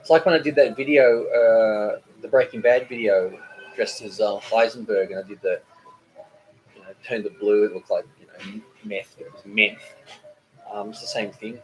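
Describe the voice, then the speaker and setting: A man's voice: lowish voice, steady tone, moderate pace, a little mellow, a little hiss or hum, poor audio. A man, hosting a casual live cooking chat, rambling and joking as he reads viewer comments. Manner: rambling and chatty, with many fillers and joking asides. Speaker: cooking channel host.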